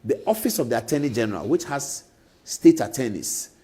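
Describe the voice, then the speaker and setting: A man's voice: mid-range voice, very animated, fairly quick, mellow, slightly rough. A middle-aged Ghanaian man hosting a talk show, telling a story with emphasis and repeating names for effect. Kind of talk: animated storytelling commentary.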